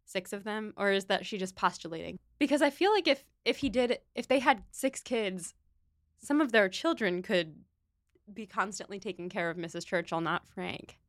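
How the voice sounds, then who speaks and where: A woman's voice: medium pitch, normal speed, dry recording, clean studio sound. A woman co-hosting a book podcast, casually retelling chapters with playful quoted asides. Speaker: podcast co-host.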